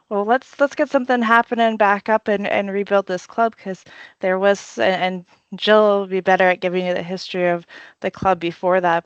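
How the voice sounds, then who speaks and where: A middle-aged woman talking about her rugby club in a relaxed, easygoing way. Her voice is smooth and clear. The recording is dry and a little dull. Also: medium pitch, dry recording. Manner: relaxed, rambling, many ums. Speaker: rugby club guest, youth coach. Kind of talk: casual interview answers.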